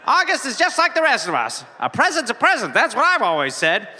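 A man's voice: very high voice, wildly swooping pitch, brisk, bright, forceful tone, voice pushed up, exaggerated voice. A man voicing a chirpy, oblivious neighbor who rambles on, in a live comedy show recorded with hall reverb. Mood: giddy. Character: giddy nosy male neighbor, middle-aged, lonely.

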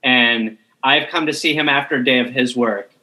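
A man co-hosting a comedy podcast who tells his stories in a playful, animated way. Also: medium pitch, moderate pace, rough recording. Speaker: podcast co-host. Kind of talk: casual comedy chat.

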